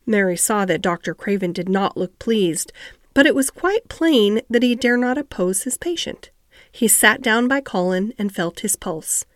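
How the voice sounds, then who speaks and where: Woman narrator, mid-pitched, steady storybook reading, dry sound. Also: measured pace, dry recording. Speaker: audiobook reader.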